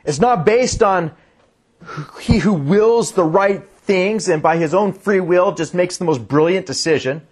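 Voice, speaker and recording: A man preaching a sermon, reading scripture in a slower, lower voice and explaining it earnestly. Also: a little mellow, husky. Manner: reads scripture in a lower, slower voice, then speeds up; earnest, restarts sentences. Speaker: pastor.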